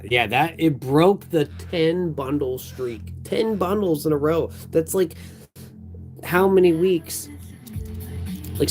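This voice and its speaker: A man's voice: mid-range voice, darkish tone. A man hosting a livestream while sorting coins, chatting in a loose, rambling way full of fillers and frequent laughs. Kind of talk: casual chat. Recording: music playing behind.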